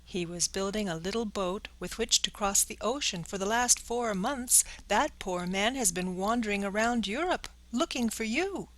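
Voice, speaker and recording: Woman voicing a calm, helpful big pigeon. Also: mid-range voice, normal speed, hardly any pauses, natural voice, poor audio. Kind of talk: audiobook character voice.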